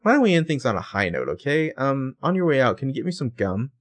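A man's voice: medium pitch, very animated, quick pace, voice pushed up. A man voicing a haughty, demanding female fashion designer boss who talks down to her staff. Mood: condescending. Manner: condescending, cutting.

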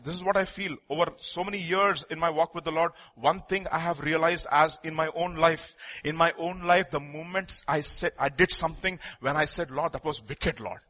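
A male preacher with a bright, somewhat high voice delivers a sermon. He reads scripture aloud and throws questions to the congregation. His delivery swings between ringing declarations and hushed, confiding asides. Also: fairly even intonation, moderate pace, few pauses.

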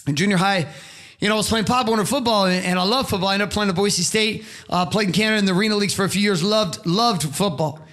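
Brief: middle-aged male motivational speaker, emphatic and preachy, high pitch, bright tone. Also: quick pace. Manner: preachy, emphatic, swears freely. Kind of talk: impassioned motivational monologue.

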